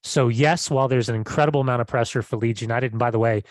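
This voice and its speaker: Animated man chatting casually. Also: medium pitch, fast, no echo, clean studio sound. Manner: animated, repeats words when starting sentences. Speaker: podcast co-host. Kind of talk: casual podcast chat.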